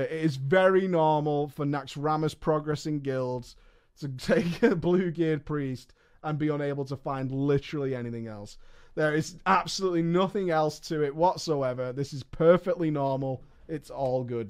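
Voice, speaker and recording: Male streamer, fairly high and very animated, swears and jokes while reading a story to chat. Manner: animated, swears and laughs often, reads in quick asides. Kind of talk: reading aloud with live reactions.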